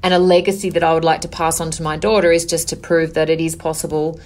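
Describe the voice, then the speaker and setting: Earnest businesswoman, lowish voice. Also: level tone, darkish tone. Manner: earnest, measured, with frequent "you know" fillers. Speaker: business owner, interview guest. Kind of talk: conversational interview answers.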